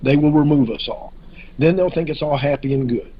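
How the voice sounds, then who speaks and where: A man with a somewhat high, husky voice talks through a casual podcast discussion. He hesitates a lot, with fillers and restarts. The audio is muffled and lo-fi. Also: a little fast.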